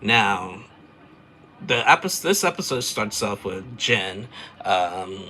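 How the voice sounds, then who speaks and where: A man's voice: on the low side, expressive, slow, bright, forceful tone, a little hiss or hum. A man casually recapping a reality TV episode, rambling and chatty with lots of fillers. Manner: rambling, chatty, loose filler-heavy storytelling.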